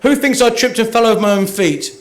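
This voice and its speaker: A man's voice: extremely high pitch, fast. A man from Kent doing a cheeky, self-mocking stand-up routine at an awards dinner in a hotel function room. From Kent, England. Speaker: after-dinner comedian.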